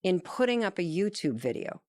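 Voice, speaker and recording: A woman's voice: lowish voice, normal speed, no room sound, clean studio sound. A woman telling an earnest, emphatic story as a guest in an interview conversation. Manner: animated, acts out quoted dialogue.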